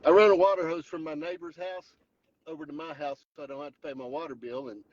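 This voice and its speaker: A man's voice: on the high side, fairly even intonation, quick pace, a little mellow, muffled recording. A man vlogging from his truck on the drive home, telling an exaggerated mock-dramatic story in a Southern Appalachian accent. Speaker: vlogger host. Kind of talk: joking storytelling vlog.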